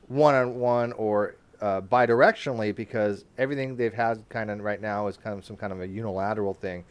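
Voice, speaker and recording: Fast-talking man hosting a hangout. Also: lowish voice, fairly even intonation, smooth. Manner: fast talker, reads from notes. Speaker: channel host. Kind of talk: casual live hangout chat.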